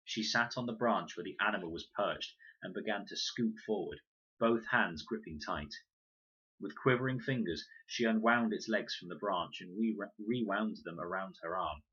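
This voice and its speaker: A man reading a children's novel aloud in an expressive, animated way. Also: sits low, breathy edge. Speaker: storybook reader. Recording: dull lo-fi recording.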